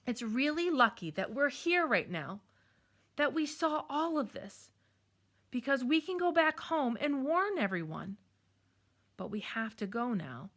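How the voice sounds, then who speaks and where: A woman's voice: on the high side, very animated, measured pace, exaggerated voice. A woman doing an eager young boy animal. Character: young male animal, earnest, kind friend.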